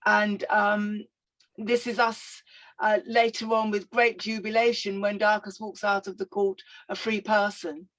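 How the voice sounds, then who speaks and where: An older woman telling a personal story as a guest speaker, reflective and animated, with frequent fillers. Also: mid-range voice, unhurried, low-quality recording.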